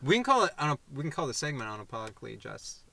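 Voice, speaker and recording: A man's voice: mid-range voice, sing-song, very fast, gravelly, background noise. A man co-hosting a podcast, chatting casually and teasing his co-host with jokes. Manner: joking, teasing interjections. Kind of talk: casual chat.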